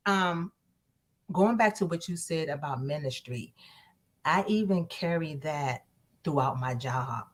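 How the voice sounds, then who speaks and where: A woman speaking as an author guest in a casual interview, warm, quick to laugh and to agree. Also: deep voice, lively intonation.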